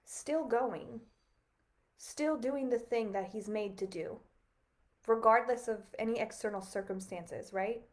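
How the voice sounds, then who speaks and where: A woman's voice: fairly high pitch, a little slow. A woman, hosting a reflective spiritual livestream, talking earnestly in a musing, casual way full of "like" and small laughs. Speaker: livestream host.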